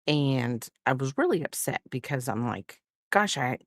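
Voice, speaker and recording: A woman with an extremely low, very animated voice hosts a crafting livestream from home at a measured pace. She rambles and chats, often apologizing in a self-deprecating way. The sound is clean studio audio without echo.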